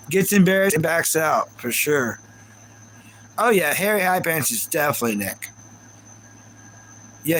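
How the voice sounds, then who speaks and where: High-voiced ranting male streamer. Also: fairly bright tone, slight background noise, rough recording. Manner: ranting, repeats himself, talks to chat viewers. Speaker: livestream host. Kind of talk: casual live reaction chat.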